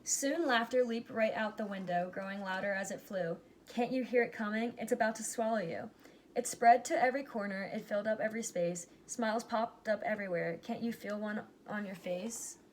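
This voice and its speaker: A woman reading a rhyming picture book aloud, giving its characters lively but plain voices. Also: medium pitch, moderate pace, a little hiss or hum. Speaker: reader.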